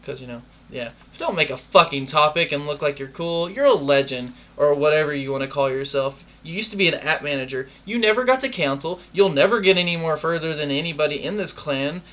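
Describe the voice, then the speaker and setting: A young man in his twenties rants to camera, defiant and mocking, with constant swearing. His voice sits a little high, with a tense, bright edge. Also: a little fast, hardly any pauses. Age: 20s. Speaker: gaming clan member. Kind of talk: ranting video monologue.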